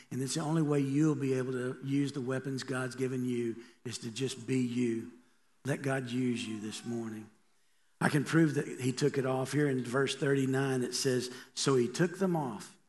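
A man's voice: medium pitch, a little mellow. A middle-aged man, a pastor, preaching a sermon in a conversational way and asking the congregation rhetorical questions.

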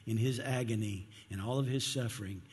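A man's voice: fairly low pitch, a little fast, a little mellow, husky. A male pastor preaching a sermon in an earnest, conversational way. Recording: long hall reverb.

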